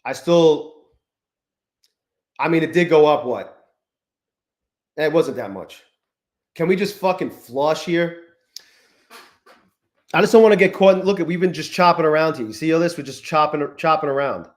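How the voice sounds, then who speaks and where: Brief: male live-stream host, somewhat high voice, loose profane rambling, roomy echoey sound. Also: moderate pace, long pauses. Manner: profane, rambling, greets chat viewers. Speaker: livestream host. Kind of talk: casual live-stream chat.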